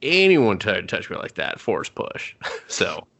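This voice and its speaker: A man's voice: lowish voice, very animated, a little slow, gravelly, pushed and bright. A man co-hosting a casual movie review podcast, laughing often and acting out characters in crude mock voices. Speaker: podcast co-host.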